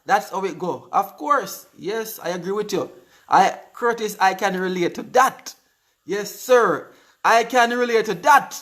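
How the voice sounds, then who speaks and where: A man's voice: sits high, measured pace, fairly bright tone. A Jamaican man hosting a live stream, chatting casually and reading out viewers' comments, often repeating his words. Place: indoors on live video.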